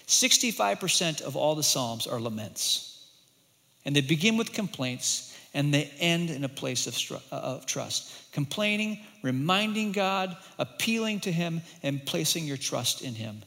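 A man preaching a sermon as pastor, earnest and emphatic, at times pleading and at times softening. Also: fairly high pitch, lively intonation, unhurried, long reverb tail.

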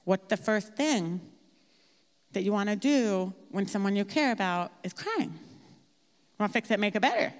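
With a mid-range, expressive voice at normal speed and long pauses, a woman walks through her slides at a grief workshop. Her tone is open and conversational, laced with self-deprecating humor, and the hall adds reverb.

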